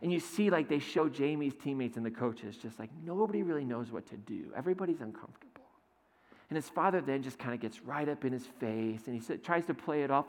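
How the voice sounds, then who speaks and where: A male pastor preaching a sermon in a church, retelling a scene in a lively, storytelling way. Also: medium pitch, brisk. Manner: animated storytelling, retelling a scene with quoted lines. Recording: echoey hall with faint music.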